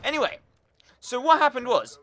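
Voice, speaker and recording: A man's voice: very high voice, sing-song, moderate pace, bright, forceful tone. A young British man telling a rambling story in a casual gaming vlog, full of fillers. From United Kingdom. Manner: chatty, rambling, lots of fillers. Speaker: gaming YouTuber. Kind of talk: casual storytelling over gameplay.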